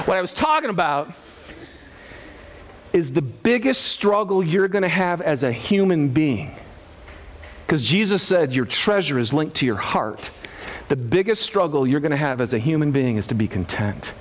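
A man preaching a sermon in a conversational, animated way, acting out little asides. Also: high voice, moderate pace. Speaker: pastor.

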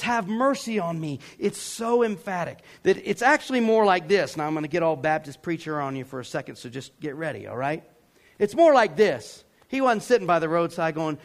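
A man preaching a sermon to a congregation, emphatic, with sudden shouted lines and casual asides. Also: fairly high pitch. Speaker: pastor.

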